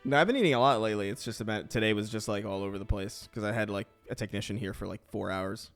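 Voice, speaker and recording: A young man chatting casually while gaming on stream, thinking out loud in a chatty way. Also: fairly low pitch, fast talker, faint music behind.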